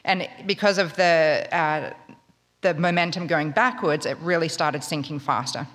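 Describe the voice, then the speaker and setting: A woman's voice: low-pitched, unhurried, a bit bright. A woman from Australia with an Australian accent, telling a wry, humorous true story in a conversational way. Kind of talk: live spoken storytelling. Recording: long reverb of a large hall.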